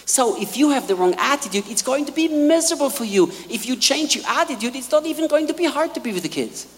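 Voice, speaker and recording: A man preaching a sermon, telling stories in an animated way and acting out quotes. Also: extremely high pitch, fast talker, in a large hall.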